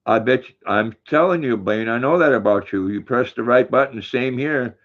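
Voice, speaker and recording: A man's voice: mid-range voice, moderate pace, highs cut off. An older man hosting a casual livestream, reading viewer comments aloud and talking fondly to his dog in a folksy way. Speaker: livestream host.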